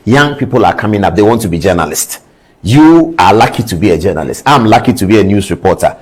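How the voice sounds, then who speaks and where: A man's voice: fairly low pitch, expressive, quick pace, husky, poor audio. A man with a Ghanaian accent gives impassioned commentary, firing off indignant rhetorical questions. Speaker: news commentator.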